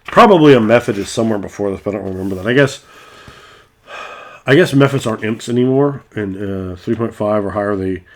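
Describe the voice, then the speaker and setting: A man's voice: fairly low pitch, expressive, a little fast. A middle-aged man and game master talking casually in a rambling way, restarting often and swearing freely. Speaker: game master and video host.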